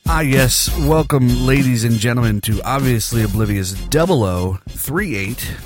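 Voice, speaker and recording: A man's voice: medium pitch, expressive, normal speed, over music. A man hosting a casual podcast in his morning voice, rambling and joking with many fillers. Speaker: podcast host.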